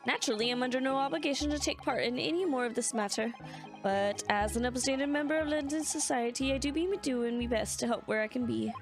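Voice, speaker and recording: A woman voicing a pompous middle-aged London gentleman who speaks in a stagey, old-fashioned way. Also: sits high, fast, music in the background.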